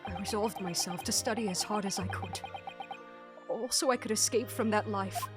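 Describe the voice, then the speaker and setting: A woman's voice: normal speed, over music, close to an everyday voice. A woman voicing a bitter man who confesses to a hard past, in a video game. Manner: low, brooding, somber reading. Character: bitter poor-born male telegraphist confessing.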